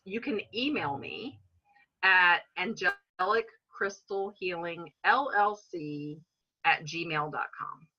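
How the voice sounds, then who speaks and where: Brief: middle-aged woman, interview guest, earnest and chatty, low-ish voice, bright tone, slightly dull recording. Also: slow pace. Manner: earnest, chatty, with frequent fillers and restarts. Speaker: reiki practitioner, guest. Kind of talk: casual interview talk.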